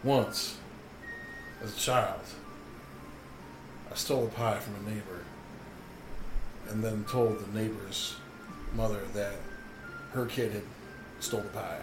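A man's voice: fairly low pitch, steady tone, takes it slowly, long pauses, echoey room, music in the background, poor audio. A man playing a tabletop game, joking and telling stories in character. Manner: playful, storytelling banter. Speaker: player. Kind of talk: casual chat at a tabletop game.

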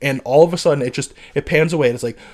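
A man co-hosting a casual gossip podcast with his wife, animated and joking, breaking into loud outbursts. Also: fairly high pitch, rapid-fire. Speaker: podcast co-host.

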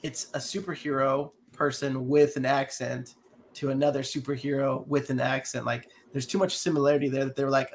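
A man chatting casually on a podcast, rambling with halting restarts. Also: medium pitch, level tone, a little hiss or hum. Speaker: podcast co-host. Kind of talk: casual chat.

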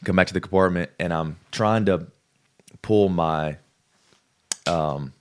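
A man's voice: low-pitched, slow pace, clear, resonant tone. A man, a podcast guest, telling a story in casual talk and acting out the people he quotes. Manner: lively, acts out the people he quotes.

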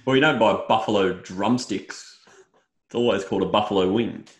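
A man's voice: on the low side, normal speed, roomy sound. An Australian man co-hosting a casual podcast chat, ranting with lots of "mate" and swearing. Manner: animated ranting, swears, says "mate" often. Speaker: podcast co-host.

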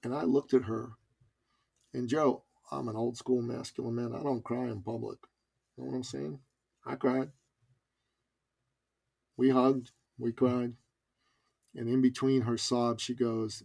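Gravelly, husky man telling a story. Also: mid-range voice, measured pace, long pauses. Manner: animated storyteller with casual fillers. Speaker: podcast guest, business coach. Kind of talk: conversational storytelling.

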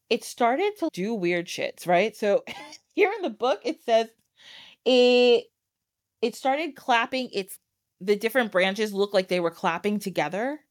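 Woman, podcast host, animated storytelling, laughs often, dry close sound. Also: medium pitch, no echo. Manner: animated, laughing, acts out quoted lines. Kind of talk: casual retelling of a fairytale.

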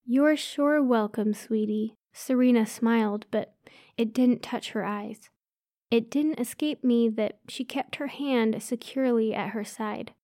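A woman's voice: on the high side, fairly even intonation, a little slow, mellow, dry recording, clean studio sound. Woman narrating a first-person story. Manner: first-person storytelling, voices each character lightly. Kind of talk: audiobook narration with character voices.

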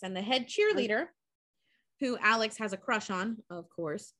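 A young woman with a slightly high, bright and sharp voice recaps a movie for a casual podcast. She swears freely and slips into quick acted-out voices for the characters. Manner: profane, animated storytelling with acted quotes. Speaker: podcast co-host.

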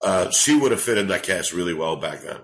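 A man's voice: low-pitched, a little fast, a little hiss or hum, poor audio. A man in his forties, a comedian, telling rambling, profane stories in a casual podcast chat. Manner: rambling, profane, animated storytelling. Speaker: comedian guest.

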